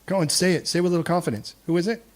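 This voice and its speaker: High-voiced preacher, lively and joking. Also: male voice, racing. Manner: lively and humorous, acts out quoted voices. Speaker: pastor. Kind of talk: sermon. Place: church.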